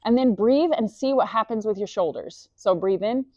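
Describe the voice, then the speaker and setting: A woman's voice: mid-range voice, expressive, normal speed, dark tone, dry recording, highs cut off. A woman leading a guided breathing lesson, enthusiastic and encouraging, mixing body facts with faith, speaking into a clip-on mic. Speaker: breathwork instructor. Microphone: clip-on microphone.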